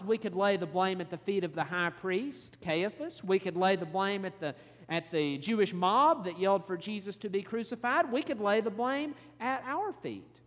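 A man preaching a sermon, explaining scripture in an earnest, measured teaching manner. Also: high voice. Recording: long hall reverb.

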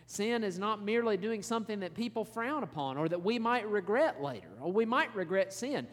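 A man preaching a sermon, explaining scripture in an earnest, measured teaching manner. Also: high-pitched, expressive. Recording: long hall reverb.

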